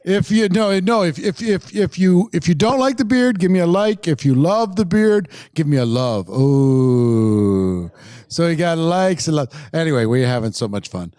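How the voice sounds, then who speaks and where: High-voiced energetic male host. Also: moderate pace, few pauses, no echo, clean studio sound. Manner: energetic, hyping the audience, reading out comments. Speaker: summit host. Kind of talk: live-stream event hosting.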